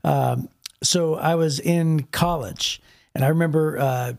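A man's voice: fairly high pitch, slow, creaky, a little mellow. A man from Ohio, a pastor, telling stories in a casual chat with lots of restarts and repeated words. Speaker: pastor and podcast co-host.

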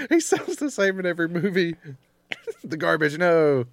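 A man's voice: high-pitched, big pitch swings, takes it slowly, no echo. A man co-hosting a casual chat, joking and laughing through the banter.

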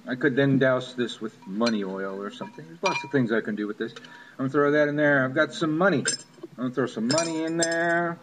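A man's voice: medium pitch, brisk, over music, poor audio. A man casually talking through a money spell he performs on camera, offhand and wry, swearing now and then. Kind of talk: casual talk-through of a ritual. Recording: steady background noise.

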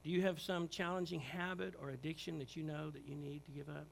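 A man preaching a sermon in a church, rising to loud emphatic calls and dropping to quiet, hushed prayer. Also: fairly high pitch, level tone, a little fast, gravelly, slight background noise. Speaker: pastor. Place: church sanctuary.

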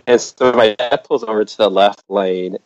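Middle-aged man telling a lively story. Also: fairly low pitch, moderate pace, no room sound. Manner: lively, acts out other people's lines. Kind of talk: personal anecdote told to a live audience. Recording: dull lo-fi recording.

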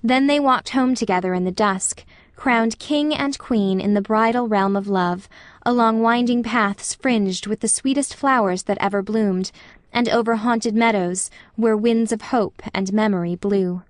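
An audiobook narrator reads a classic novel from a script, her mid-range voice gentle and measured. The studio sound is clean with no echo.

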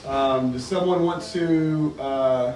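A man's voice: medium pitch, slow pace, a little mellow, a little hiss or hum. A man leading a group book discussion and reading passages aloud, inviting and thoughtful. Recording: roomy, distant mic.

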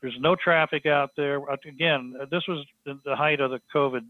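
A man telling a story as a podcast guest, halting with frequent restarts and fillers. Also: fairly high pitch, fairly even intonation, dry recording. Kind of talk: storytelling in casual conversation. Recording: tinny phone-line sound, dry.

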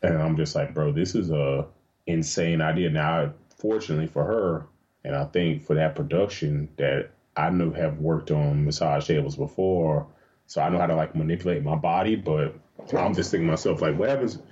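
Male guest, very low voice, animated and profane, casual storyteller, muffled lo-fi audio. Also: normal speed. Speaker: interview guest, adult film performer. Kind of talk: casual chat.

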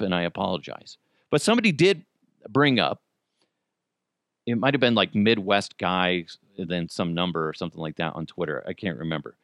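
A man's voice: dry recording, clean studio sound. Heated, profane man ranting on a show. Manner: profane, heated, swings between loud outbursts and low asides. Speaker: show host. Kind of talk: opinionated solo commentary.

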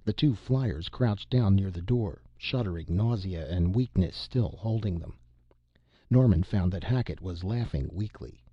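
A man narrating a science fiction story in a steady, measured reading. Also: deep voice, breathy edge, dry recording, highs cut off. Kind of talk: audiobook narration.

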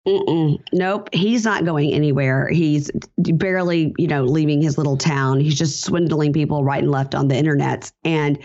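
A woman guesting on a podcast, retelling reality show scenes in casual chat and acting out the quotes in higher voices. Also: moderate pace, muffled recording. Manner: animated retelling, acts out quotes in higher voices, laughs often.

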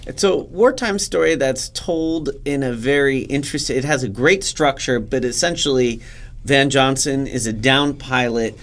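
A man's voice: mid-range voice, moderate pace, a bit bright. Playful man co-hosting a film chat. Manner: playful, teasing, laughs easily. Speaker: podcast co-host.

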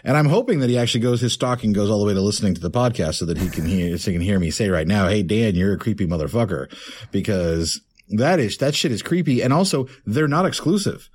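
Animated young man telling stories. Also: lowish voice, fast, husky. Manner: animated storytelling, swears freely. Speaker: podcast co-host. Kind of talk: casual chat.

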